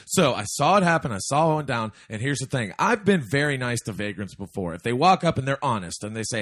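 A man telling a story among friends, talking fast in a casual, profane way. His pitch swings widely as he tells it, and he slips into other voices for the quotes. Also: very animated, a bit bright.

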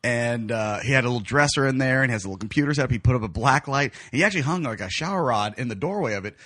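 A young man bantering with friends, throwing in quick teasing remarks. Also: medium pitch, expressive, fairly bright tone, no room sound, studio quality. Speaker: friend chiming in. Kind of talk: casual banter.

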